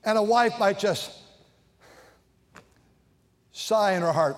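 A man preaching with passion, his voice pitched high, rising to shouts and dropping to near hushes. A long reverb from the church hall trails each phrase. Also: animated, a little slow, pauses often. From United States. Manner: impassioned preaching, swings from shouts to hushed tones. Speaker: pastor. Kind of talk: sermon. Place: large church sanctuary.

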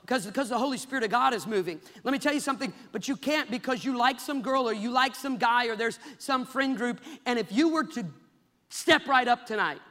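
A man in his thirties preaching a fervent sermon, building to loud climaxes. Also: very high voice, brisk, long reverb tail.

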